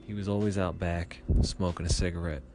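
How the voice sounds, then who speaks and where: A man's voice: deep voice, steady tone, brisk, over music. A man telling a rambling, profane comic story with chatty asides.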